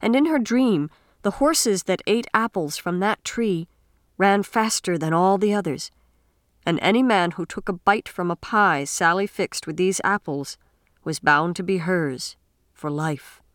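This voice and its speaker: Woman narrator, lowish voice, dry close sound, measured and expressive audiobook reading. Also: no room sound. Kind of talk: scripted narration.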